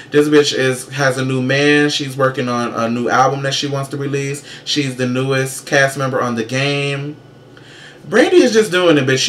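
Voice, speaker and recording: A man hosting his own casual show, giving sassy, profane, emphatic pop-culture commentary with brash shout-outs. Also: medium pitch. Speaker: show host.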